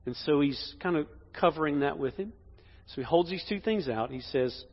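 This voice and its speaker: A pastor preaching a sermon in a church, emphatic, swinging between loud declarations and hushed lines. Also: male voice, a little high, expressive, normal speed, husky. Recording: dull echoey hall sound.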